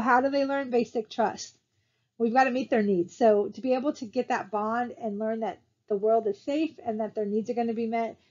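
Higher-voiced woman giving a slide lecture. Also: a little mellow, muffled recording. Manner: conversational, asks rhetorical questions. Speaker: college instructor.

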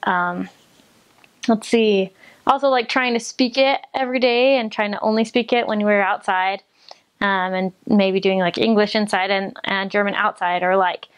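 A woman's voice: medium pitch, fairly even intonation, normal speed, clear, resonant tone. A young woman from the United States, talking casually about her mission, chatty and giggly with many fillers. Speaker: returned missionary. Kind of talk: casual chat.

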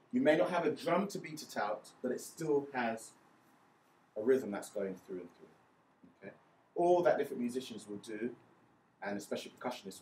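A man's voice: medium pitch, a little hiss or hum. Patient man teaching, echoey room. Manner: patient, counts beats aloud, frequent "okay?" checks. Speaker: music teacher. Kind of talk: explaining hymn music theory step by step. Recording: echoey room, voice a bit far from mic, faint ambience.

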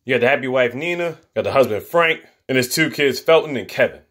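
A man casually recapping a movie plot in slangy, profane, animated talk. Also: medium pitch, fast talker. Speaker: movie reviewer.

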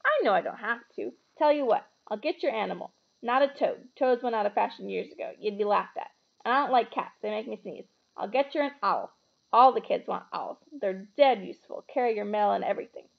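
A woman's voice: medium pitch, fairly quick, gravelly, highs cut off. A woman voicing a big, kindly half-giant groundskeeper man who talks in a hearty, blunt way, read aloud from a storybook.

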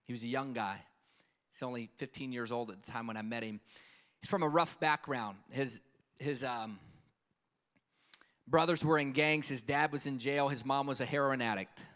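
A male preacher giving a passionate sermon on a conference stage. His voice sits at an ordinary middle pitch and swings from urgent and loud to soft and hushed. He speaks into a handheld mic. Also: normal speed, pauses often.

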